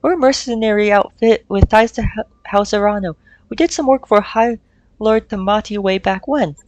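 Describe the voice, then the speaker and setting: A woman reading the lines of a steady, somber male mercenary officer aloud from a game, in a plain, level voice. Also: medium pitch, moderate pace, no room sound, natural voice.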